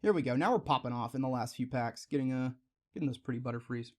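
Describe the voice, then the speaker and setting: A man's voice: mid-range voice, fast talker. A young man hosting a card-opening video, rambling in casual asides and exclaiming over shiny pulls. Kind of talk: casual pack-opening chat.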